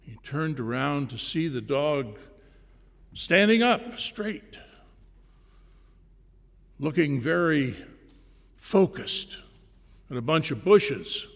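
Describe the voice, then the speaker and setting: A male pastor tells a parable from the pulpit, slow and deliberate, with pauses between phrases. His voice is gravelly in the lows. A long reverb from a large church hall follows him. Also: very animated. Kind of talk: sermon storytelling.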